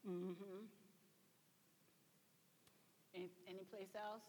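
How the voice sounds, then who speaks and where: A woman's voice: mid-range voice, little pitch movement, moderate pace, warm tone, slightly rough, long reverb tail. A woman coaching a choir through a gospel song, speaking her instructions and breaking into sung demonstrations. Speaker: vocal coach teaching a choir. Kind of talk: singing lesson.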